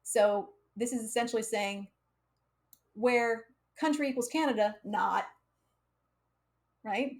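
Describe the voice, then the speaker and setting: American lady teaching sql live, kinda high voice, laughs a lot, says um and like all the time. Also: slow, pauses often. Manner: chatty, laughs often, uses fillers like um and like. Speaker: coding instructor streaming live. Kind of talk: casual live coding lesson.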